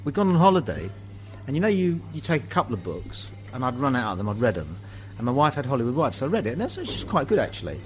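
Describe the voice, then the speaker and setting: A man's voice: mid-range voice, fast talker, faint music behind, poor audio. A man from England hosting a pub podcast, telling funny anecdotes and acting out the dialogue. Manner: animated anecdotes, acts out dialogue. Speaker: host. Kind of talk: pub chat storytelling.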